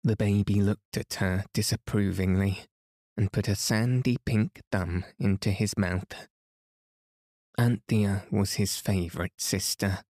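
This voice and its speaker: A man narrating a bedtime story for a sleep podcast in a slow, soothing, even manner, close to the mic. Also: fairly low pitch, no room sound.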